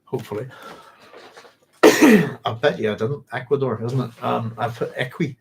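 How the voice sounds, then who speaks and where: Man, book club host, rambling, self-correcting, laughs a lot, mid pitch. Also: moderate pace, vocal fry, very noisy. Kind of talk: casual book talk.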